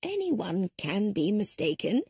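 A woman's voice: mid-range voice, big pitch swings, unhurried, a little mellow, husky, no echo, clean studio sound, full character voice. A woman voicing an elderly spinster detective who speaks mildly and politely and reasons things through carefully. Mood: gentle, reasoning. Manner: mild, polite, thoughtful reasoning. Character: elderly spinster sleuth, gentle yet sharp-witted. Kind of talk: audiobook character reading.

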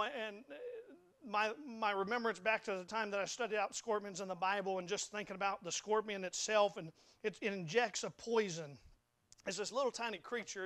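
A man's voice: high voice, a bit bright. A young man preaching a sermon in a church, folksy and emphatic, often stammering and repeating words. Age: young adult. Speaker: pastor. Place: church sanctuary.

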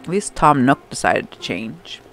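Brief: young woman streamer, slow, lively pitch, chatty and giggly, faint music under her. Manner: chatty, talks to game characters, laughs often. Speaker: gameplay streamer. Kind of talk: casual gameplay commentary.

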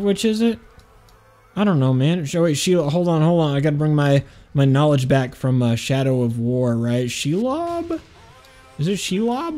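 A man's voice: medium pitch, warm tone. A man giving casual, rambling commentary while playing a video game, joking and often stopping himself with "hold on". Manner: rambling, jokey, keeps saying "hold on". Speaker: gaming channel host.

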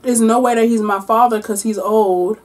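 A woman's voice: on the high side, steady tone, normal speed, a little mellow, natural voice. A woman doing a brash, sassy teenage girl. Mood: sassy, incredulous. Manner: brash, incredulous, slangy.

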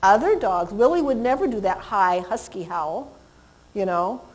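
A woman lecturing a live seminar audience on dog behavior, animated, imitating animal and human sounds and asking the room questions. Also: medium pitch, moderate pace.

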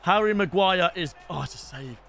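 A man's voice: high-pitched, normal speed, gravelly, faint music behind. A young man, commentating casually on his own gameplay during a live stream and calling out to his viewers. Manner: excitable, shouts at goals, addresses viewers as lads. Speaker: gaming streamer.

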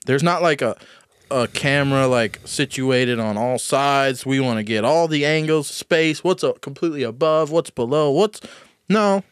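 A man's voice: medium pitch, moderate pace, smooth, no echo, studio quality. Sarcastic, incredulous podcast man. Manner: sarcastic, incredulous, laughs often. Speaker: podcast co-host. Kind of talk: casual chat reacting to news clips.

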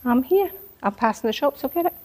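A woman's voice: high-pitched, lively intonation, brisk, a little mellow. A woman preaching a sermon, telling a personal story and building into emphatic exhortation.

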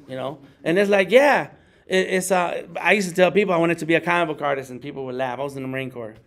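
A man's voice: quick pace, gravelly. A middle-aged man, a working artist, giving a casual workshop talk and acting out other people in jokey voices. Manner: conversational, acts out others in high jokey voices.

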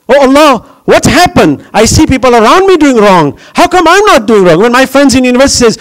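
A man's voice: very high voice, sing-song, a little fast, hardly any pauses, fairly bright tone, poor audio. A man who grew up in New York, giving an impassioned Ramadan religious lecture full of rhetorical questions.

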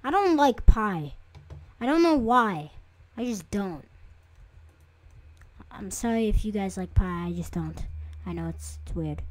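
A young woman narrates her gameplay for viewers in casual let's-play style: chatty, jumpy, easily startled and given to sudden squeals. She's a gaming video creator with a medium-pitched, animated voice, a measured pace and long pauses, recorded with no room sound.

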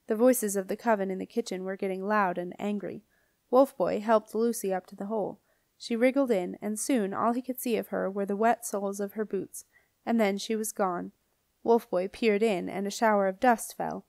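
A woman narrating a children's fantasy audiobook in a steady, clear reading voice. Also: mid-range voice, normal speed, no echo, studio quality. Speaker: audiobook reader. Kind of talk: scripted narration.

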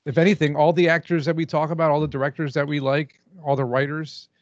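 Man, podcast guest, somewhat high voice, upbeat, dull dry audio. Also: flat delivery, quick pace, no echo. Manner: upbeat, laughs easily, repeats words. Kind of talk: casual podcast chat.

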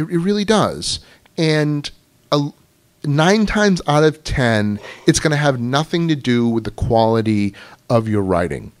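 A man as guest speaker at a writers club, telling anecdotes in a casual, chatty way full of "you know". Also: mid-range voice. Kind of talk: casual storytelling talk to an audience. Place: club meeting room.

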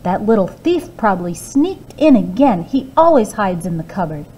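A woman's voice: medium pitch, sing-song, normal speed, warm tone, a little hiss or hum, close to an everyday voice. A woman voicing the giant's wife, a matter-of-fact giantess in a storybook read-aloud. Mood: wry.

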